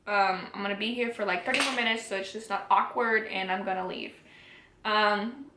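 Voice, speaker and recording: A woman's voice: medium pitch, steady tone, moderate pace, noisy background. A young woman vlogger candidly retelling a personal story to camera, acting out the dialogue as she goes. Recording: echoey room.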